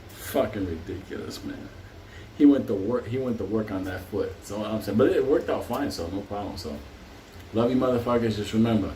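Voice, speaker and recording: A man's voice: lowish voice, darkish tone. A man hosting his show, telling a story in a casual, rambling, heavily profane way and laughing often. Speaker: host. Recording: roomy, distant, faint hiss.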